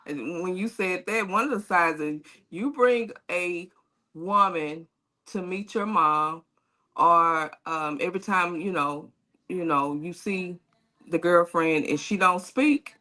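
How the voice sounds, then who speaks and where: A woman's voice: fairly low pitch, slow. A woman co-hosting a casual live talk show, easygoing and affirming. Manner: relaxed, affirming, full of fillers. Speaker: podcast co-host. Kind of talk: casual chat.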